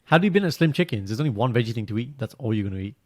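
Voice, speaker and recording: A man co-hosting a podcast chats easily at a middling pitch. He tells stories with animated bursts. Between them he settles into quiet, low-key asides. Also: racing. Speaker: podcast co-host. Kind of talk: casual chat.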